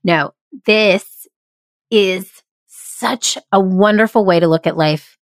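An energetic woman hosting a solo podcast, speaking in an emphatic, motivational way at a middle pitch. Her voice is recorded close on a podcast microphone in a small closet, with a dry sound and no room echo. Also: slow pace. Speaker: podcast host and improv workshop leader. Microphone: studio podcast microphone.

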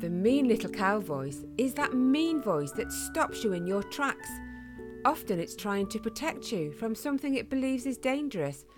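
A woman hosting a bedtime story show, calmly introducing the book and its author. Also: on the high side, moderate pace. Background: music.

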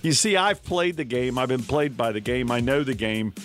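A man hosting a talk radio show, his pitch sitting mid-range for a man but swinging widely as he builds his points. He drives ahead with repeated phrases and jokes with his co-host, while music plays beneath him. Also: moderate pace. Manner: animated, repetitive, joking with co-host.

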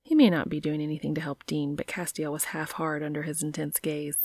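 A woman reading a story aloud in a soft, half-whispered voice. Her voice is low and creaky, and it sounds dry and close to the mic. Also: level tone, a little fast, few pauses, no echo. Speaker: reader.

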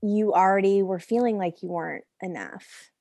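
A woman hosting a casual conversation, responding warmly and with empathy, full of restarts and fillers. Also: medium pitch, moderate pace, vocal fry, no room sound, clean studio sound. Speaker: host. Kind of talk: casual chat.

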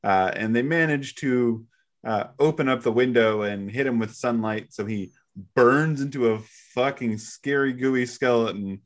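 A man's voice: mid-range voice, measured pace. A man co-hosting a podcast, recapping a film plot in a dry, wry way. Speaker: podcast co-host. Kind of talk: casual movie recap.

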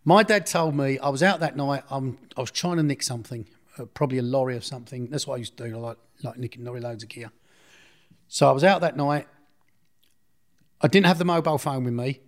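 A man's voice: medium pitch, quick pace. Middle-aged male interviewee, blunt, rambling storyteller who keeps correcting himself. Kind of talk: casual storytelling.

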